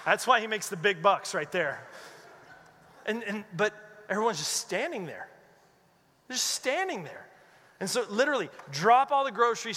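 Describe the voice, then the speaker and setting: A man preaching with a high, bright and forceful voice. He tells his stories with animation and slips into the voices of the people he quotes. His sermon rings out with the long reverb of a church hall. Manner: animated storyteller who acts out quoted voices. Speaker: pastor.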